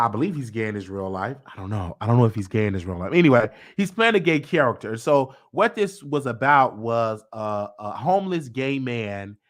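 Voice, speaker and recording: A man's voice: on the high side, a bit bright. A man hosting his show, telling a long story in a rambling casual way, with many repeats and restarts. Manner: rambling, repeats himself, quotes people with changing voice. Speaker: host. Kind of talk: casual monologue.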